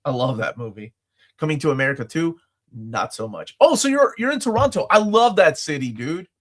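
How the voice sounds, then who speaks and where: A man co-hosting a casual chat livestream, talking in a rambling, jokey, animated way. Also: on the high side, fairly quick. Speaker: livestream co-host.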